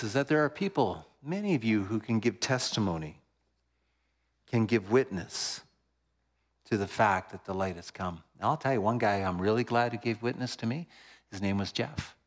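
A middle-aged man preaching a sermon, telling a personal story with lively energy that drops to hushed tones at moving moments. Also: medium pitch.

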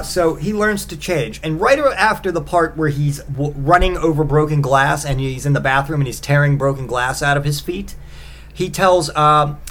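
A man's voice: a little high, a bit bright. Profane, sarcastic male podcast host. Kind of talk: comedic monologue.

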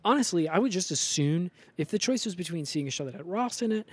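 A man co-hosting a comedy podcast, recapping a show in a deadpan, rambling way full of fillers. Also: high-pitched, fast, breathy edge, no room sound, soft background music. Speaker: podcast co-host. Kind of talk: comedic episode recap chat.

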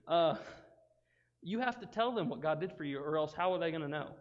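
Young male youth speaker, higher voice, joking and animated, hall echo. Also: a little fast. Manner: joking, animated, self-interrupting. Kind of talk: casual, joking sermon. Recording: dull sound with long hall reverb.

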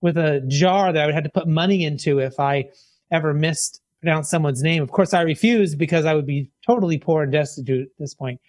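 Guy hosting a podcast, chatty, pokes fun at himself, kinda high voice, dry close sound. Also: brisk, darkish tone, dry recording. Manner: chatty, self-deprecating, filler-heavy. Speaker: podcast host. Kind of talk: casual show intro and interview.

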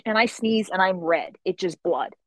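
A young woman telling a story in an animated way, acting out the people in it and swearing casually. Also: fairly low pitch, moderate pace, dry recording. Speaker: guest.

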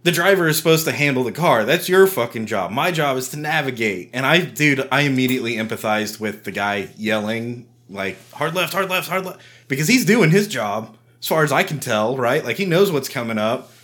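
A man's voice: mid-range voice, lively intonation, brisk, few pauses, a bit bright. A man in casual podcast chat, arguing his side step by step and swearing casually. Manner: argumentative, lays out points in order.

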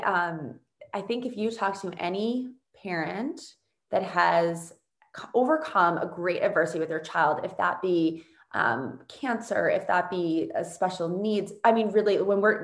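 A woman's voice: on the low side, measured pace. Affirming woman host in an echoey room. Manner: warm, affirming interviewer. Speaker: podcast host. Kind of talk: casual interview chat.

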